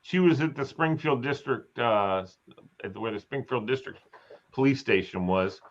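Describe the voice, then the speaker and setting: A man hosts a casual live chat, telling rambling stories in a chatty way and acting out quotes. His voice is mid-range at a normal speed, and the lo-fi sound is slightly dull.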